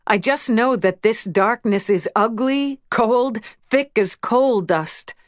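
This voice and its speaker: A woman narrating an audiobook in a measured, emotional first-person reading. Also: on the high side, dry recording, clean studio sound. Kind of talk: scripted narration.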